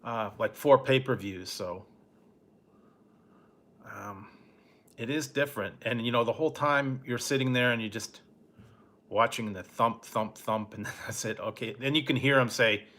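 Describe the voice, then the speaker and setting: Bright-voiced middle-aged man rambling casually. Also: medium pitch, normal speed, long pauses. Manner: rambling, laid-back storytelling with soft chuckles. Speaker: food review channel host. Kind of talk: casual late-night live-stream chat.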